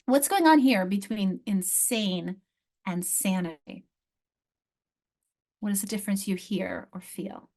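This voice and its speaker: A woman's voice: medium pitch, measured pace, long pauses, darkish tone. Enthusiastic woman teaching over a video call. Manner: enthusiastic, emphatic, repeats key words. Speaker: literacy instructor leading teacher training. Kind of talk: live online workshop teaching. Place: online video session. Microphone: video call mic.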